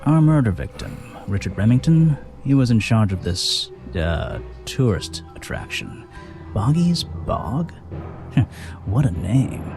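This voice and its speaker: A gruff, doubting detective from a video game, who meets every claim with sarcasm. His pitch swings around freely as he scoffs, and a soft music bed plays under him. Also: big pitch swings, slow. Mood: mocking.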